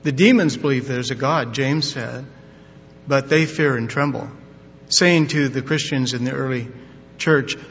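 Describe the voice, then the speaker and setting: A man's voice: a little slow, fairly bright tone. An older man preaching a sermon in a folksy, emphatic way, mixing scripture with corny jokes. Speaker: pastor. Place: church sanctuary. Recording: dull long-reverb hall with faint rumble.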